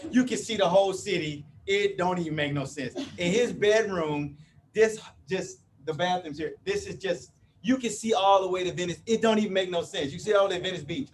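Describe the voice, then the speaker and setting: A man's voice: sits high, far from the mic, slight background noise. A man of about fifty giving a live motivational talk to an audience, playful and chatty, often checking in with the crowd. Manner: playful, banters with the crowd, often asks "you with me?". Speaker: motivational speaker. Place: event room before a live audience.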